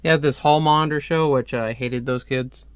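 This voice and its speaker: A man's voice: mid-range voice, steady tone, fairly quick, smooth, no room sound. A man reviewing a comic book in a casual read-aloud, rambling into chatty asides.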